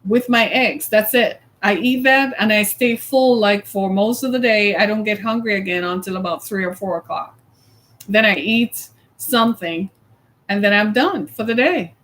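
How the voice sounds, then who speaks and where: A woman's voice: medium pitch, normal speed, fairly bright tone. A woman hosting a casual live chat, chatty and opinionated, laughing often and ending her sentences with "right?". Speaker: host.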